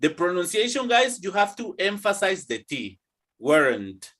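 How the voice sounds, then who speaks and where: A man's voice: high-pitched, big pitch swings, moderate pace, a bit bright. A young man teaching an English grammar class, drilling students to repeat after him. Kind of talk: online classroom lesson.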